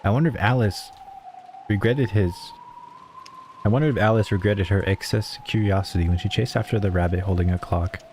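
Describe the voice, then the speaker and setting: A man's voice: fairly low pitch, brisk, a little mellow, slight background noise. A man streaming, reading a visual novel's narration aloud with musing asides.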